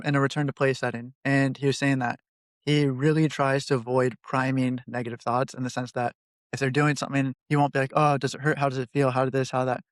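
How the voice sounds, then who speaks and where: A male podcast host explains training ideas through stories about his clients. He talks briskly, with little rise and fall in pitch. The sound is close and dry, with no room around it. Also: clean tone, no room sound. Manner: explanatory, storytelling, relaxed coaching talk. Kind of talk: casual podcast conversation.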